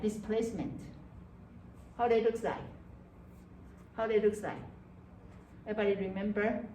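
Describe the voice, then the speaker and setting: Animated woman lecturing in an echoey classroom. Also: medium pitch, far from the mic, slight background noise. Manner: animated, acts out student voices, frequent "okay" and "right". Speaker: psychology lecturer.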